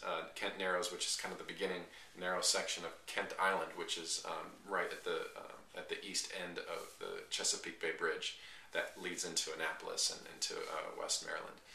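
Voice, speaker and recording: A young man talking casually in a trip diary vlog, rambling and halting with many restarts. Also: sits low, creaky, sharp tone. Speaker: long-distance walker vlogging his trip. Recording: echoey, distant, faint hiss.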